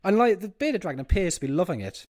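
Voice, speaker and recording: A man's voice: sits high, fast talker, no room sound, studio quality. A man on a football podcast, telling a long funny anecdote and laughing as he goes. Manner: animated, laughing as he tells a story. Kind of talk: anecdotal storytelling.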